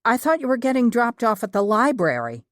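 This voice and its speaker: A woman's voice: on the high side, sing-song, a little fast, no echo, studio quality, pitched above the performer's own voice. A woman voicing a small, chatty elderly grandmother who talks in a folksy, out-of-breath way. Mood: breathless, teasing.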